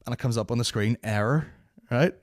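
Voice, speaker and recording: A man's voice: mid-range voice, fairly even intonation, quick pace, no room sound, clean studio sound. A man with a Northern Irish accent hosting a comedy podcast, telling a story casually, swearing constantly and slipping into voices of other people. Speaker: podcast host.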